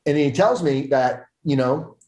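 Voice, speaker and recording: A man's voice: mid-range voice, unhurried, darkish tone. A young adult man telling a story casually as a podcast guest, swearing often and acting out the voices of others. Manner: profane, acts out others' voices. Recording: roomy echo.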